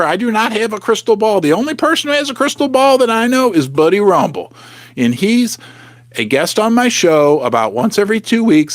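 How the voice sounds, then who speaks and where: Animated high-voiced man hosting a livestream. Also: no echo. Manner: animated, emphatic, talks straight to viewers. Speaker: livestream host. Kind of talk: live-stream commentary. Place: home basement.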